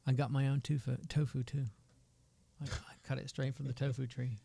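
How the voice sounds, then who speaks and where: A man co-hosting a studio talk show, telling tall tales with a deadpan delivery. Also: mid-range voice, a little fast, creaky, no room sound. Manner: deadpan, joking. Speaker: co-host. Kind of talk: casual banter.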